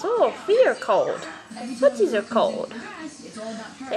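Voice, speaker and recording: A woman's voice: fairly high pitch, very animated, slow pace, long pauses. A mother filming her newborn, speaking in cooing, doting baby talk over music. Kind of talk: home video baby talk.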